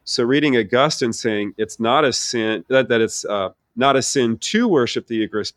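A middle-aged man, a theology professor, telling his personal faith story in an earnest, animated way with many restarts. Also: medium pitch, normal speed, few pauses, no echo. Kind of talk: conversational personal testimony.

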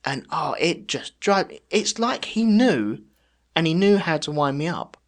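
A man co-hosting a podcast, chatting casually and telling stories in an animated, exasperated way. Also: on the high side, a little slow. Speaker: podcast co-host. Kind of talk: casual chat.

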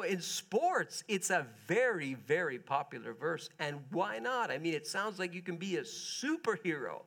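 A man preaching a sermon in a relaxed, conversational way, asking his listeners questions as he goes. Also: on the high side, normal speed, vocal fry, few pauses. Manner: conversational, chatty with the congregation, asks them questions. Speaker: pastor.

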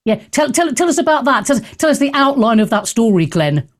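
A woman runs a radio talk show with a blunt, straight-talking delivery. Her voice sits a little high and she keeps the chat opinionated and animated, speaking from a studio. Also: fairly quick.

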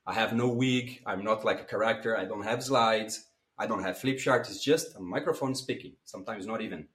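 Interviewed as a public speaking coach, a man with a mid-range voice talks animatedly, his voice swinging widely, with some non-native phrasing. The recording has a roomy echo.

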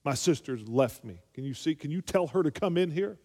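A man's voice: fairly high pitch, expressive, brisk, warm tone, pitched above the performer's own voice. A preacher voicing a frazzled, overworked woman who complains shrilly and in exasperation. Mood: pleading. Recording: long hall reverb.

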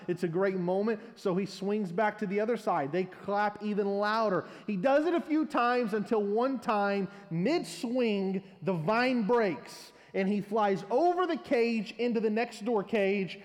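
A man's voice: sits high, normal speed, hardly any pauses, in a large hall. A male pastor preaching a sermon, telling a long humorous story as an illustration.

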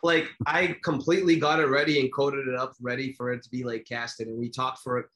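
A man in his thirties co-hosts a relaxed podcast chat at a middle pitch. He tells long stories with plenty of fillers and restarts, and his voice rises and falls with excitement. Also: a little fast. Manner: animated storyteller, many fillers and restarts. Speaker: podcast co-host.

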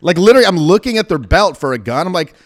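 A man's voice: fairly high pitch, fast. A middle-aged American man, a podcast guest, telling stories casually, acting out voices and swearing freely. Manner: animated, swears freely, acts out voices while laughing. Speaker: guest, dating coach.

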